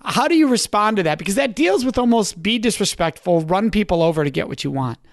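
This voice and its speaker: A man's voice: sits high, expressive, quick pace, dry recording, studio quality. A man hosting an interview podcast, reflecting on and affirming his guest's points. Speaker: podcast host. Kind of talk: interview chat.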